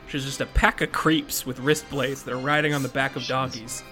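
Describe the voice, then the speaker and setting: A man's voice: medium pitch, flat delivery, fairly quick, pushed and bright, soft background music. A man hosting a casual chat show, reading out plot recaps and laughing often. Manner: laughs often, reads recap points between jokes. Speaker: podcast host recapping a manga.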